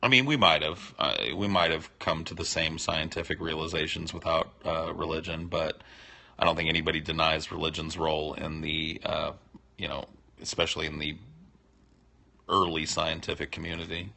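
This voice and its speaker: Male stream host, deep and gravelly; loose, teasing, profane chatter. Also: steady tone, normal speed, pushed and bright. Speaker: livestream host answering chat. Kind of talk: casual unscripted chat.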